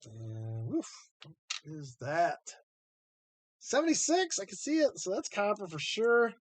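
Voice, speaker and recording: A man's voice: high-pitched, sing-song, unhurried, no echo. A man hosting a live stream, chatting casually and rambling as he thinks aloud while sorting coins.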